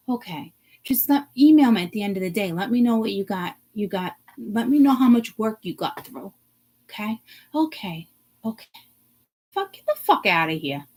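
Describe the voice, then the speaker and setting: A woman vlogger ranting to her viewers, blunt and profane, swinging from hushed asides to loud outbursts. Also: on the high side, slightly rough, rough recording. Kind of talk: ranting to camera.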